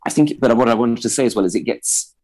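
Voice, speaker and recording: A man's voice: mid-range voice, fast talker, a little mellow. A man with a posh-sounding voice giving advice as a guest, hesitant and self-deprecating, often restarting his sentences. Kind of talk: casual interview chat.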